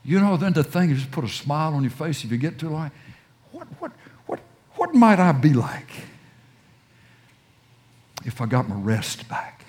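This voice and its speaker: Male preacher with a slightly high voice, moves between hushed intimacy and urgent, restarting emphasis. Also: big pitch swings, normal speed, pauses often. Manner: swings from hushed near-whispers to raised urgent emphasis; repeats and restarts phrases when pressing a point. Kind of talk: sermon.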